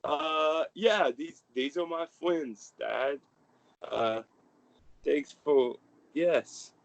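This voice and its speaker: A man voicing a nervous young man coming home, who speaks haltingly and hesitantly. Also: a little high, gravelly, dry recording, voice pushed up, heavily acted, rough recording. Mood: unsure.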